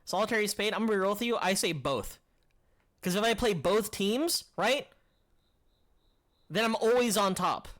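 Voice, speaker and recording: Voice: medium pitch, expressive, normal speed, pauses often, fairly bright tone. A game streamer chatting playfully with viewers during live gameplay and joking around. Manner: playful and joking, reading game dialogue aloud.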